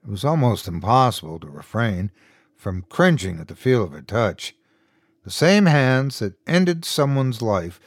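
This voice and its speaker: A man reading a first-person horror story aloud as host and narrator, expressive and dramatic. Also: mid-range voice, no room sound, clean studio sound.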